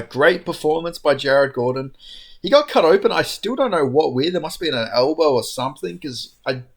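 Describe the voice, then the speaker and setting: A man with a somewhat high-pitched voice delivers a casual fight recap monologue. He talks frankly and rambles, leaning on fillers as he goes from one point to the next. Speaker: MMA fight recap host.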